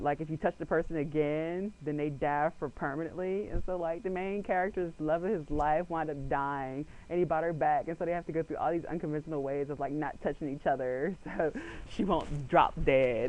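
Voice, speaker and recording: A man's voice: on the high side, a little fast, a little mellow, low-quality recording. A young man chatting casually into a webcam at home, rambling and filling his talk with "like" while acting out little quotes. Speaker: vlogger.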